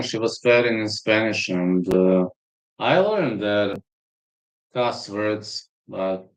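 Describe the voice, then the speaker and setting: A man's voice: lowish voice, poor audio. A man with a Serbian accent, hosting a live fight stream and chatting in a rambling, storytelling way while reading chat aloud.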